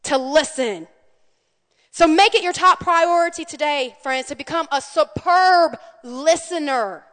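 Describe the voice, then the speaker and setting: A high-pitched woman pastor preaches in an easy, conversational way, telling lively stories and calling out to her congregation. Her voice carries a long reverb from the church sanctuary. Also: unhurried. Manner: animated storytelling, calls out to the congregation. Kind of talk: conversational sermon.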